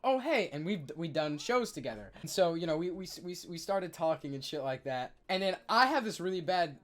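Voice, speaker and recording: A young male streamer tells stories in a casual chat, excitable and stammering, loudly acting out what others said. His voice runs a little high and his pace is brisk.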